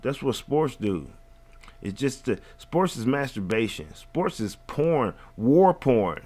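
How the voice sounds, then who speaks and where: A man's voice: mid-range voice, sing-song, slow pace, a little mellow. A man hosting a reaction video, ranting in heated, profane, rambling casual commentary.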